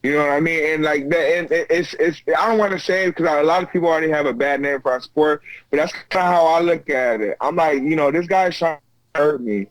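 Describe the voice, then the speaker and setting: An American man telling stories as a guest over a video call, animated and quick to act out what people said. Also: a little high, no echo. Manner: animated, acts out quotes, frequent restarts. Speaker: guest, UFC fighter. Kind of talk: casual storytelling chat. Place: remote video call from home.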